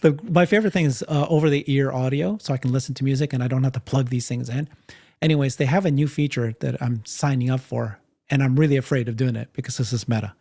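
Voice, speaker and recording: A man co-hosting a podcast, talking in a casual, animated way, often laughing and restarting his sentences. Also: medium pitch, quick pace, creaky. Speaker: podcast co-host. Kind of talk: casual panel chat.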